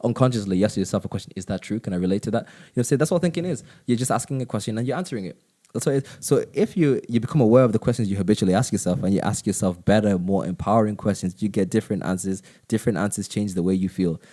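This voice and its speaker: Young man, podcast host, motivational, earnest coaching tone, quick delivery, mellow low voice. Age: young adult. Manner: earnest, coaching, repeats "you know what I'm saying".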